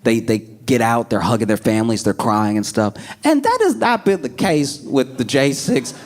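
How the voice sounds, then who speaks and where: A man doing stand-up comedy, telling a story in an animated way and jumping into put-on voices. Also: normal speed. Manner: animated, jumps into high put-on voices, laughs a lot.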